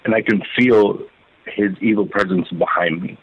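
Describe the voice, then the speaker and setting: Husky-voiced man recounting, phone-like sound. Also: fairly low pitch. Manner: halting, repeats words, quotes his own prayers. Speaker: interview guest, survivor telling his story. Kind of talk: emotional first-person testimony. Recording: phone-like narrow band.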